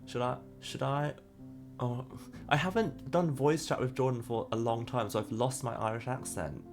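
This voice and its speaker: A man of medium pitch and moderate pace streams live as he opens trading card packs, with faint music playing behind him. Chatty and quick to laugh, he reacts to what he pulls and reads chat aloud, though he's unsure how to say some names and fumbles them.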